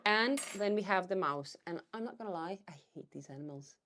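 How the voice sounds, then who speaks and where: A woman's voice: fairly low pitch, expressive, a little fast, fairly bright tone, slight background noise. A woman vlogging about reselling vintage decor, chatting casually and thinking aloud as she goes. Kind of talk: casual vlog chat.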